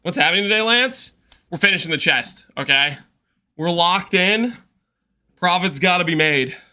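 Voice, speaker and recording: A man's voice: sits high, animated, moderate pace, bright, forceful tone. A man streaming a game in casual chat, rambling, repeating himself and laughing often.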